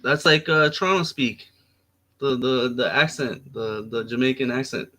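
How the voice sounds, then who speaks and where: A man's voice: mid-range voice, moderate pace, pushed and bright. A man in casual chat on a stream, eager and teasing.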